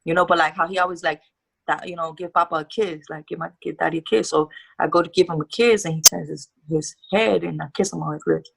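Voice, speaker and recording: A woman's voice: on the low side, steady tone, quick pace, gravelly, breathy edge. A young woman guest telling her life story in a casual interview, candid and profane with street slang.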